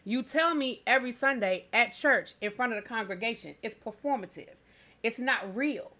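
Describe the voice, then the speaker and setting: A woman's voice: fairly high pitch, animated, moderate pace, pushed and bright. A woman voicing a neglected pastor's wife who reproachfully demands real affection. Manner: reproachful, pressing.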